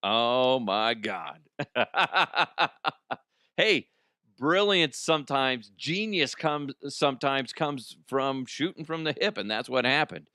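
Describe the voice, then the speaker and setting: Podcast host, man, smooth clear voice, rambling jokey delivery, dry close mic. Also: medium pitch, expressive, slow pace, bright, forceful tone, dry recording. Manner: rambling, joking, laughs often. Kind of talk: comic news podcast chat.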